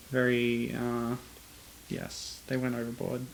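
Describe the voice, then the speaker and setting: A man with a gravelly, mid-pitched voice co-hosts a podcast. He makes dry, chatty observations in a loose watch-along commentary, with a faint hiss behind him. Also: monotone, slow pace, rough recording. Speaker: podcast co-host.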